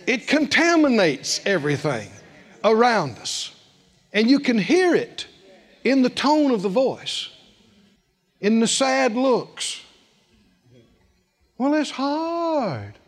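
A male preacher delivering a sermon in an animated way, chuckling often and stretching words for emphasis. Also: extremely high pitch, slow, pauses often.

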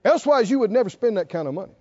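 A man's voice: high voice, expressive, very fast, dark tone. An older man preaching a sermon in an emphatic, folksy way with bits of humor, on a slightly dull lo-fi recording. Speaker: pastor.

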